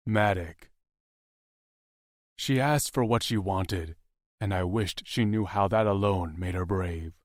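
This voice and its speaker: A man reads a romance audiobook in the first person with a calm, steady delivery. His voice sits on the low side. The recording is dry and close. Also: dry recording. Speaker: audiobook narrator.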